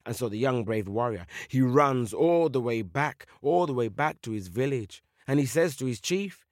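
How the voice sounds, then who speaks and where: A man telling a children's folk tale with slow, dramatic repetitions. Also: medium pitch, expressive, no room sound, clean studio sound. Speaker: storyteller. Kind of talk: children's story narration.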